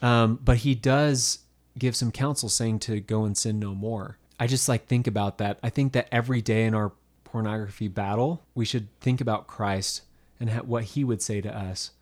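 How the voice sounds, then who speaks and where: A man co-hosting a faith-based podcast, telling a scripture story in a relaxed, animated way and acting out the voices in it. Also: fairly low pitch, moderate pace. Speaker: podcast co-host. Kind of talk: casual faith-based chat.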